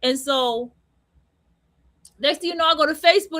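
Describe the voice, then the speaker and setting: A woman hosting an online radio show, talking in a high voice. She tells stories in a blunt, profane, slang-heavy way. The delivery is loose, like a casual monologue. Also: normal speed, a bit bright. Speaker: host.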